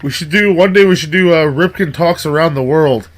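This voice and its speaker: Brief: guy on a comedy podcast, fairly high voice, deadpan crude jokes. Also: brisk. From Canada. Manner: joking, deadpan asides with swearing. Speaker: podcast co-host. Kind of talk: casual chat.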